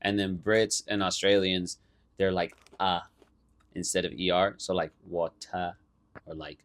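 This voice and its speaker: A man's voice: sits low, steady tone, moderate pace, a bit bright. A young man co-hosting a podcast in casual chat, teasing, laughing a lot and explaining at length. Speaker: podcast co-host.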